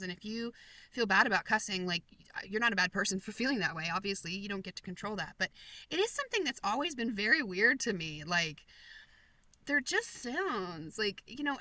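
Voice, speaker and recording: A woman's voice: mid-range voice, pushed and bright, no room sound. An American woman hosting a casual livestream, chatting and reading viewer comments in a rambling, effusive way. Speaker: livestream host.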